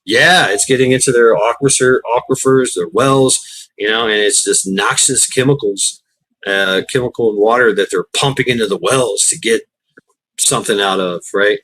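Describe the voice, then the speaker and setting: A man's voice: on the low side, moderate pace, a bit bright. A man hosting a casual livestream chat, rambling and swearing freely, often laughing as he talks. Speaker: livestream host.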